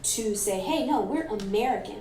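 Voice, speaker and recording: A woman explains her point deliberately and evenly during a discussion. She is set back from the mic in a roomy, echoing space. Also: a little high, animated, warm tone. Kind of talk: discussion commentary. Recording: echoey, distant.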